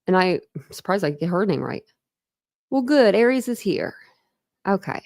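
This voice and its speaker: A woman's voice: mid-range voice, very animated, normal speed, gravelly, darkish tone, dry recording. Chatty woman rambling on a dry livestream. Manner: rambling, chatty, laughs often. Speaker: true crime livestream host. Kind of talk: casual livestream chat greeting viewers.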